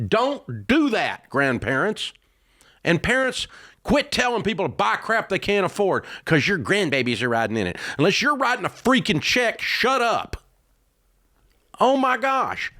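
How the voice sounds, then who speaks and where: A man hosting a call-in advice show, yelling at callers in a blunt, exasperated rant from a radio studio. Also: high-pitched, no room sound. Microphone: studio microphone.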